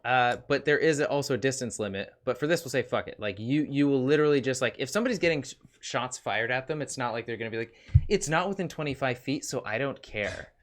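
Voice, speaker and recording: A man's voice: mid-range voice, quick pace, few pauses. A man running a tabletop role-playing game, loose and joking, laughing often and swearing casually. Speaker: game master.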